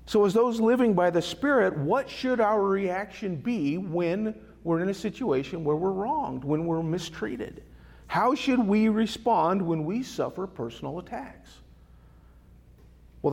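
Gravelly-voiced man preaching in a reverberant hall. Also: high voice, animated, measured pace, a little mellow. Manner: conversational, asks rhetorical questions. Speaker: pastor. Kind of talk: Bible study sermon.

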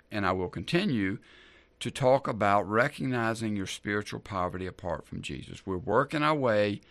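A man's voice: lowish voice, bright, forceful tone, dry recording. A man preaching a sermon as a pastor in an easygoing, conversational way, repeating key lines for emphasis.

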